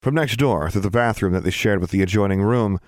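A man narrating an audiobook in a steady, even storytelling manner. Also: lowish voice, fairly quick, no room sound.

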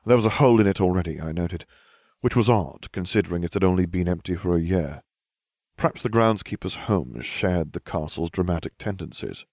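Male narrator, low voice, animated wry telling, dry close recording. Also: brisk, dry recording. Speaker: audiobook narrator. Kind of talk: first-person fiction narration.

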